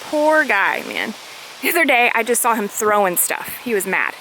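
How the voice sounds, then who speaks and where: Woman, high voice, excitable and chatty, garden vlog, outdoor noise behind. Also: normal speed, low-quality recording. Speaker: homesteading vlogger. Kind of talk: casual walk-and-talk vlog. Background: outdoor ambience, rustling leaves, animals.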